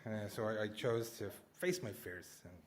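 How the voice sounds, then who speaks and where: A man's voice: lowish voice, lively intonation, normal speed. A man performing a comic personal story at a live story slam, rambling and self-mocking, laughing through his lines. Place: small live venue indoors.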